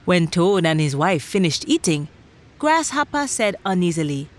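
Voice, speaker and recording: A woman narrating a children's story in a gentle, expressive way, speaking directly to young listeners. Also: fairly low pitch, measured pace.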